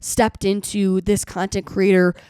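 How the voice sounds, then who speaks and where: A young woman hosting her own solo podcast, a little hoarse from being sick, talking in an earnest, chatty way with lots of "like". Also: medium pitch, level tone, unhurried, mellow, no room sound, clean studio sound. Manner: chatty, earnest, heavy use of "like". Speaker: podcast host. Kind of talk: solo motivational podcast talk.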